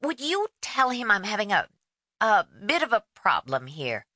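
A woman's voice: medium pitch, huge pitch swings, moderate pace, pushed and bright, dry recording, studio quality, voice pushed up, exaggerated voice. A woman voicing a stern, harried middle-aged woman caller who grows breathless and desperate.

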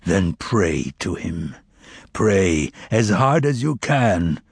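A man voicing a tormented, imperious older Roman governor with a broken, ailing voice that swings from low menace to furious shouting. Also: big pitch swings, drawn-out words, husky, no echo, studio quality, full character voice. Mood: brooding.

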